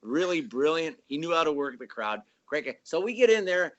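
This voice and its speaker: Older guest musician, storyteller who does voices, animated delivery. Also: male voice, on the high side, a little fast, highs cut off. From Chicago area, USA. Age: 60s. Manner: animated, acts out voices in stories. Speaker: band member guest. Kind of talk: casual storytelling.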